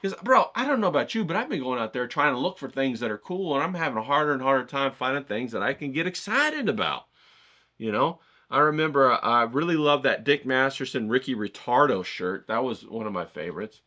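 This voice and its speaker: Excitable, profane man teaching a class. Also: medium pitch, brisk. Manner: loud, profane, goes off on tangents; excitable, keeps saying "okay?" and "bro". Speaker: art course instructor. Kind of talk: casual, rambling video lesson.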